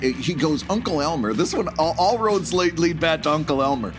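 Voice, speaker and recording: A man's voice: a little high, a little fast, hardly any pauses, over music. A man with a Midwestern American accent, co-hosting a podcast, telling a story in a casual chat and laughing often. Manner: animated storyteller, laughs often, acts out the voices of relatives. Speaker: podcast co-host.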